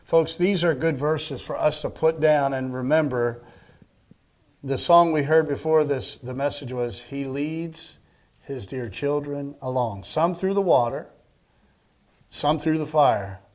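A man's voice: on the high side, a little slow, a little mellow. A man preaching a sermon as a pastor in a conversational way, asking the congregation questions, acting out quotes and often repeating a word at the start of a phrase.

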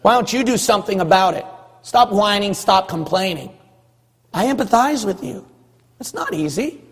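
A man from California preaching a sermon as pastor of his church, hammering one phrase over and over and rising into shouts. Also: sits high, normal speed, breathy edge, big-room sound. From California, USA. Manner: forceful, repetitive exhorting, rising to shouts.

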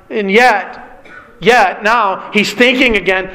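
A man delivering a sermon in an earnest, emphatic way. His voice sits high for a man and sounds bright and forceful. He leans on his points and speaks straight to his listeners. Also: normal speed. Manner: earnest preaching, emphatic, addresses listeners as beloved. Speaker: pastor.

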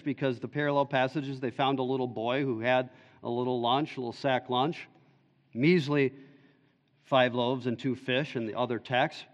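A man's voice: medium pitch, fairly even intonation, moderate pace. A male pastor preaching an expository sermon in an earnest, explaining way. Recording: dull echoey church hall recording.

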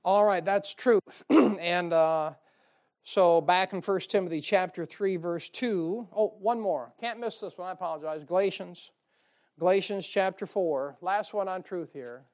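A man with a high voice preaching from the pulpit. He talks in a folksy, emphatic way, full of asides and questions to his listeners. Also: measured pace, a little mellow. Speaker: pastor. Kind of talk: sermon.

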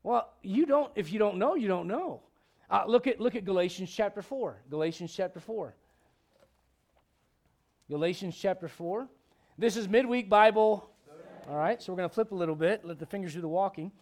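This middle-aged pastor's midweek Bible study preaching is lively and conversational. He keeps turning to the congregation with quick joking remarks, and his voice shoots up in high-pitched bursts to stress points.

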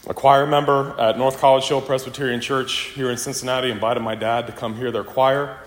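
A middle-aged man stands at the front of a church and gives a funeral eulogy. His voice sits at an ordinary pitch and rings through a large hall with a long, roomy reverb. He tells family stories in a reflective way. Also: flat delivery, a little fast. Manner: reflective storytelling, with warm anecdotes. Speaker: son giving a eulogy.

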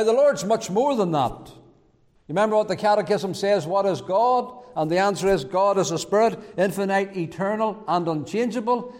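A man preaching a sermon as pastor, in a measured way that repeats key phrases. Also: sits high, darkish tone, in a large hall. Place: church.

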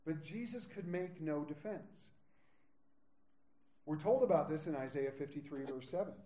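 A man's voice: fairly high pitch, moderate pace, roomy sound, a little hiss or hum. A man preaching a sermon, retelling scripture and voicing its characters with growing intensity. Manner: prays softly, then preaches with rising intensity, acting out quoted lines. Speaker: pastor.

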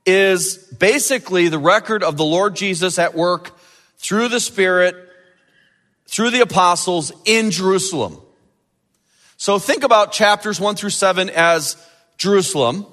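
A man preaching a sermon as pastor, animated and building to emphatic peaks. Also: high voice, in a large hall.

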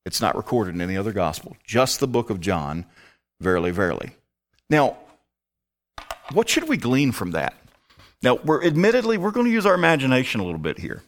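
A man's voice: medium pitch, sing-song, a little fast. A man teaching a Bible study, emphatic and prone to rhetorical questions.

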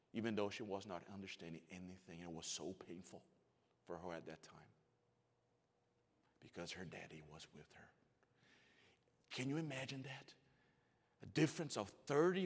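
A man's voice: low-pitched, measured pace, long pauses, husky. Man preaching in a reverberant hall. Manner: swings from hushed, near-whispered storytelling to loud, rising emphatic preaching. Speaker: pastor. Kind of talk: sermon.

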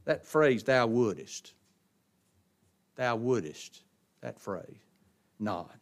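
Older preacher booming, then dropping low. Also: male voice, animated, very slow, long pauses. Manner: swings between loud emphatic preaching and quiet asides; reads scripture aloud, stopping to tell listeners to underline. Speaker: pastor. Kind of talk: sermon.

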